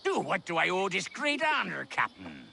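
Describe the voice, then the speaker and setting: A gravelly old pirate captain. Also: male voice, high-pitched, huge pitch swings, normal speed, sharp tone, a little hiss or hum, heavily acted. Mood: sly. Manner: teasing, bargaining. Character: gruff old male pirate, sly and mocking.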